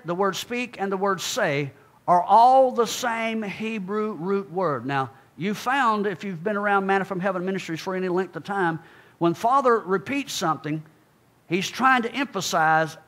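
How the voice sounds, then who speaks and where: In an animated sermon that takes its time, a man emphatically addresses and calls out to his congregation. He shifts into low, quiet tones whenever he makes an aside.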